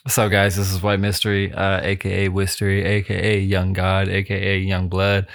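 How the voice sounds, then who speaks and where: A man's voice: deep voice, completely flat delivery, normal speed, creaky. A man guesting on a comedy podcast, chiming in with boastful jokes. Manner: joking interjections, boastful. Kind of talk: casual comedic banter.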